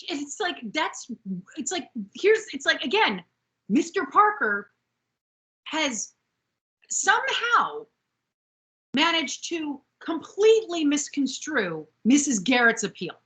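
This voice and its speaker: A woman recaps a TV episode on a podcast in a high, animated voice that climbs and drops all over. She talks at an unhurried pace with a bright tone and acts out the characters' lines as she goes. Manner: animated, acts out quotes from the show. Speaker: podcast co-host. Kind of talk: casual recap chat.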